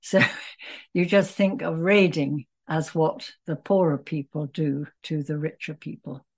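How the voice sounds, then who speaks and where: A woman's voice: low voice, steady tone, measured pace, darkish tone, breathy edge. An older British woman, a scholar guest in an interview, wry and matter-of-fact. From Britain. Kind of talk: casual interview conversation.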